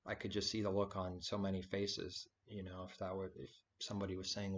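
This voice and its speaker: A man's voice: low-pitched, completely flat delivery, a little fast, few pauses. A man giving an informal spoken sermon, rambling and conversational, with frequent fillers and restarts. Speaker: preacher. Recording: dull lo-fi recording.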